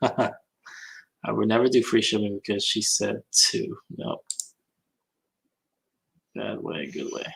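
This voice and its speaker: A man with a low, gravelly voice chats casually on a livestream. He mutters to himself as he works, and keyboard typing clicks behind him. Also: slow, pauses often, fairly bright tone, rough recording. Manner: chatty, muttering to himself while working. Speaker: reseller on a livestream hangout. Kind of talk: casual livestream chat reading comments.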